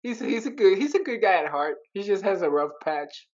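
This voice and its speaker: A man's voice: high voice, expressive, brisk, a crowd in the background. Giggly laid-back man, muffled audio. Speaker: podcast co-host. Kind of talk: casual chat.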